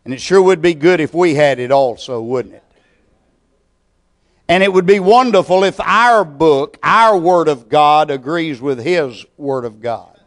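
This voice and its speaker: A man preaching a sermon and leading a prayer, with a deliberate, measured delivery full of pauses. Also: a little high. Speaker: pastor.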